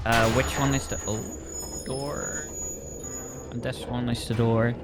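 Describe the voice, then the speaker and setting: A man's voice: mid-range voice, steady tone, slow, loud music behind the voice. A man playing a horror game and commenting with joking, sarcastic asides, sometimes reading in-game notes aloud. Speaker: gaming video creator.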